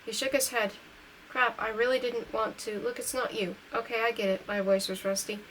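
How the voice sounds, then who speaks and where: A woman's voice: fairly high pitch, steady tone, normal speed, slight background noise, low-quality recording. A woman reading a novel aloud, lifting her voice a little for the dialogue and correcting her own slips as she goes. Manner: reads dialogue lines a little louder and livelier than narration. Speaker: audiobook reader. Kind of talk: amateur read-aloud of a novel.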